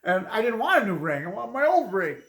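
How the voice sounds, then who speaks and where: A woman's voice: fairly high pitch, sing-song, a little fast, fairly bright tone, reverberant. A woman casually telling a personal story in a rambling way, with many restarts and repeats.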